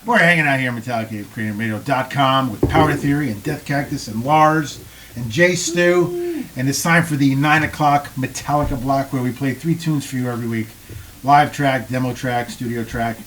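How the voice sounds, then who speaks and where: A man's voice: medium pitch, normal speed, a bit bright, slight background noise. A man hosting a radio show from a studio, joking and swearing in casual chat with his guests. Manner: rowdy, joking, profane. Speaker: radio host.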